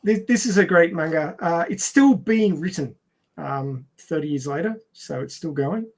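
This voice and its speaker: A man's voice: fairly high pitch, expressive, normal speed. An Australian man co-hosting a podcast in casual chat, reading a plot summary with lots of fillers and restarts. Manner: chatty, lots of fillers and restarts, laughs often.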